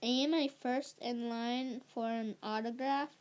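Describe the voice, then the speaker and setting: A woman reading aloud, voicing a hurt young girl who is pressing her mother, in a slow, halting delivery. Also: a little high, fairly even intonation. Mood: forced cheer.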